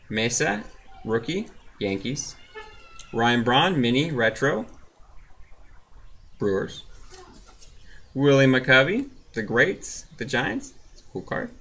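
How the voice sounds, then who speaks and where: Laid-back guy slowly calling out baseball cards at his table, bit of faint background noise. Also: mid-range voice, creaky, fairly bright tone. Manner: laid-back, reads off player names and teams with asides. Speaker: card collector opening packs. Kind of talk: casual running commentary.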